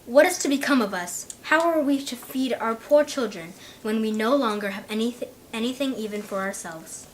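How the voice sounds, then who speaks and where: A woman's voice: on the high side, moderate pace, a little hiss or hum, natural voice. A woman reading the part of a poor, worried woodcutter father in an earnest voice.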